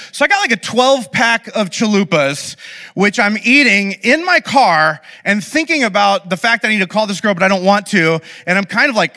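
A man with a high, bright voice delivers a sermon built on humorous, self-deprecating stories. He talks in an animated way to an audience, and his words trail off into the long reverb of a big hall.

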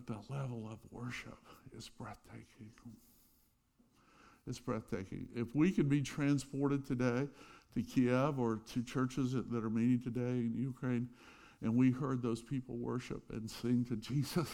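Male pastor, middle-aged, sermon, animated storytelling, loud bursts then soft asides. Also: medium pitch.

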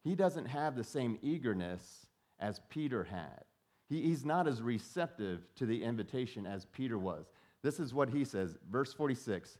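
A man's voice: medium pitch, very animated, normal speed, darkish tone. Conversational male pastor preaching. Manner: conversational, repeats words when starting a thought; acts out quoted voices. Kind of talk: sermon.

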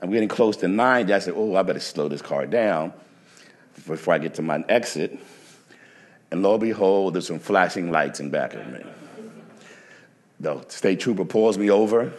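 A man's voice: low voice, expressive, normal speed, pauses often. A male pastor preaching a sermon, telling stories and building to emphatic preaching. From New Jersey. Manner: storytelling, shifts to rising preaching emphasis. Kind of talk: sermon with anecdotes.

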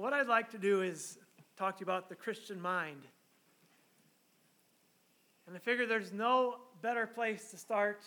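High, bright and forceful, this man's voice carries a sermon in which he reads scripture, offers a prayer, and then talks earnestly and conversationally, posing rhetorical questions as a pastor.

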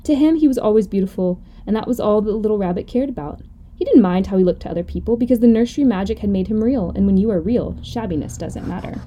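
A woman host reading a children's story aloud gently and expressively. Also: mid-range voice, quick pace, slight background noise. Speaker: podcast host.

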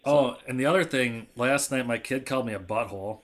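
Casting: thirties guy, podcast co-host, cussing storyteller, mid pitch. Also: fairly quick. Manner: profane, animated storyteller acting out dialogue. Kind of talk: casual storytelling.

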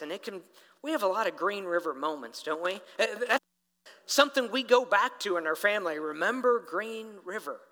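A middle-aged man, a pastor, preaching a sermon in a church hall, telling a family story and talking straight to the congregation. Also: sits high. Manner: storytelling, animated, addresses people directly. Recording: long hall reverb.

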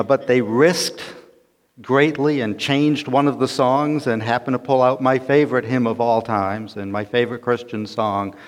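A man preaching a sermon, telling a story in a relaxed conversational way with fillers. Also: medium pitch. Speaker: pastor. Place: church sanctuary. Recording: long church reverb.

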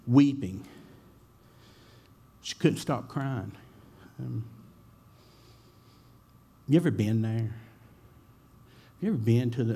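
Speaking in a mid-range, mellow voice, a male pastor preaches a sermon. He keeps it relaxed and chatty, often using filler words and restarting his sentences.

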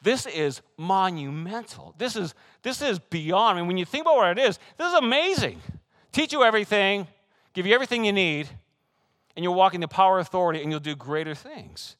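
A man preaching a sermon, animated and excitable, acting out quoted voices and breaking into soft laughs. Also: high-pitched, fairly quick. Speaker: pastor.

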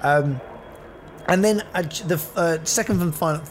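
A man's voice: on the high side, moderate pace, a little hiss or hum. A man co-hosting a podcast, chatting casually as an enthusiastic, rambling reviewer. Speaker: podcast co-host.

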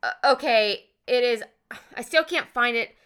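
A woman's voice: a little high, moderate pace, pushed and bright, clean tone, pitched above the performer's own voice. A woman voicing a distraught female social worker on an emergency call, stammering and urgent.

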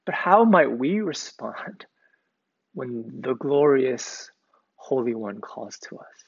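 A man preaching a sermon as pastor, deliberate and emphatic, repeating key words for weight. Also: medium pitch, animated, vocal fry, husky. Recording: dull, lo-fi recording.

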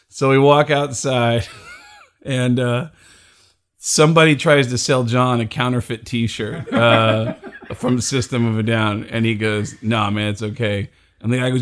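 A middle-aged man casually telling a comedy story, acting out the people he quotes with big jumps in pitch. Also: fairly even intonation, measured pace. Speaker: comedian guest.

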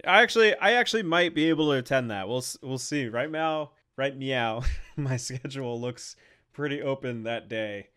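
A man's voice: medium pitch, lively intonation, normal speed, sharp tone. A young man co-hosting a casual film podcast, joking and teasing with sarcastic asides. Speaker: podcast co-host.

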